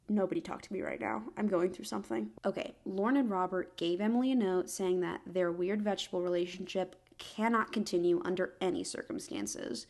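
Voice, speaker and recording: A woman's voice: medium pitch, steady tone, a little fast, creaky, hardly any pauses, a little mellow. A young woman giving a comedic book review, talking in a wry, exasperated and dramatic way.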